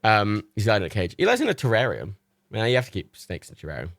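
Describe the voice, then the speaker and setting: A young man hosting a livestream, telling rambling anecdotes in casual chat, animated and full of swearing. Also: lowish voice, racing, creaky, no echo, clean studio sound. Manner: animated storytelling with swearing and quoted voices. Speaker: livestream host.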